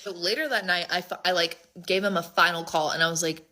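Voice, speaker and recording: A woman's voice: on the low side, fairly even intonation, fairly quick, hardly any pauses, bright, forceful tone. A young woman telling a storytime in a casual, chatty way, full of "like".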